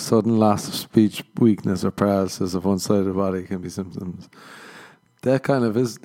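A young man with a deep, mellow voice hosts a solo podcast. In his casual banter he rambles crudely and laughs at his own jokes.

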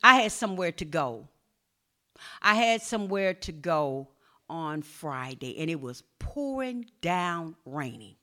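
A middle-aged woman pastor preaches a sermon that shifts between quiet storytelling and shouted exhortation. She has a deep voice with big pitch swings and takes her time.

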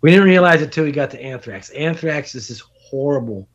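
A middle-aged man, a podcast guest, telling a long road story in casual, animated talk, swearing and laughing as he goes. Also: a little high, brisk. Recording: dull lo-fi podcast audio.

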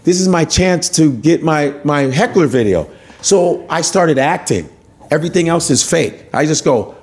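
A male stand-up comic spinning loose, profane stories in a casual conversation. His voice sits a little high for a man, and he jumps into the voices of the people he is describing. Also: expressive, normal speed. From United States. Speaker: stand-up comedian guest. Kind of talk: casual storytelling chat.

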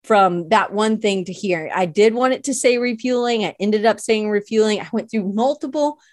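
This medium-pitched woman talks at a normal speed, recorded dry at studio quality. A podcast host who teaches illustration, she chats casually in a rambling, playful way, frequently teasing herself and using many "like" fillers.

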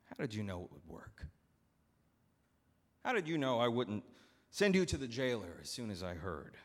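A man voicing a powerful, shrewd master who speaks slowly and deliberately, in a long church reverb. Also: mid-range voice, wildly swooping pitch. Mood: wry. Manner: slow, measured, deliberate. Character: shrewd, powerful male master, calm and wry.

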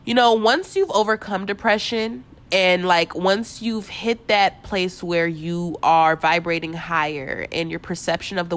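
A podcast host sits alone in her bedroom, giving a spontaneous inspirational monologue in a medium-pitched, fairly bright voice. She speaks casually and from the heart, repeating herself and using lots of slang. Her voice cracks as she holds back tears.

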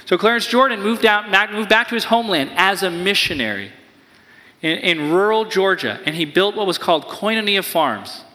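A man preaching a sermon as pastor, energetic and playful, sometimes acting out excited voices. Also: high-pitched, moderate pace, in a large hall.

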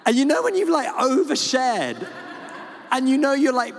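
A man, a parish priest, telling a story in an animated, chatty sermon full of fillers. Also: very high-pitched, moderate pace. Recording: echoey hall with long reverb.

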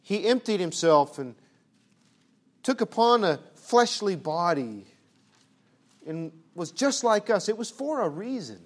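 A man preaching a sermon, asking rhetorical questions and swinging between hushed, soft passages and loud, emphatic ones. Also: high-pitched, big pitch swings, measured pace, long pauses.

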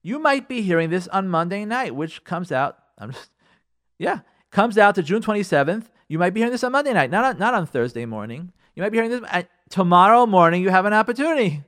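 An earnest man, a rabbi, gives marriage advice in a radio talk. His voice sits a bit high, and he talks in a lively way, leaning on repeated phrases for emphasis. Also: fast.

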